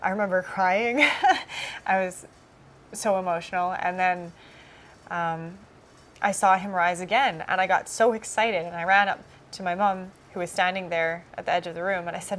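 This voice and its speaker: A woman's voice: mid-range voice, flat delivery, moderate pace, fairly bright tone. A woman cast member giving a personal testimony in an interview, telling her story in an earnest, reflective way.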